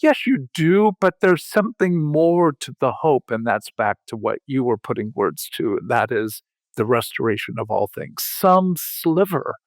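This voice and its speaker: Older male host, unhurried and reflective, restarts often, dry studio sound. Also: very animated, dry recording. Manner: slow, halting, with restarts and sudden lifts in pitch. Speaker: podcast host. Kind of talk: reflective conversation.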